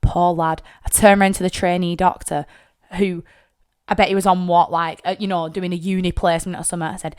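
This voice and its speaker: A woman's voice: lowish voice, level tone, brisk, clear, resonant tone. A young woman, hosting a podcast, telling a personal story bluntly and with frequent swearing, tearful at times. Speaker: podcast host.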